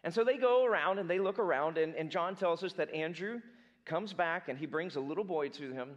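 A young adult man preaching a casual sermon, telling a Bible story in a lively, conversational way and acting out the characters in everyday speech. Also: a little high, brisk, dull audio. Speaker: pastor.

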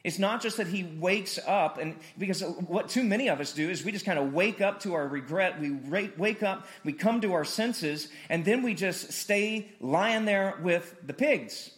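A man's voice: sits high, moderate pace, hardly any pauses, fairly bright tone. A male pastor from Missouri, preaching a conversational sermon in a church and repeating words as he builds emphasis. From Missouri, USA. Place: church hall, streamed online.

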